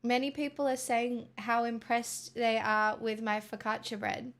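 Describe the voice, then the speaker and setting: A woman's voice: on the high side, level tone, measured pace. An Australian woman vlogging in a casual, chatty way, swearing freely and breaking into mock-dramatic outbursts. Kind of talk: casual chat to camera.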